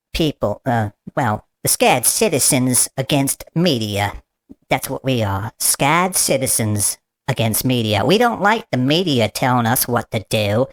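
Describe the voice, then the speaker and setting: Man as a crude, stubborn English protester; belligerent, stammers, mid-pitched, comedy sketch. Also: dry recording.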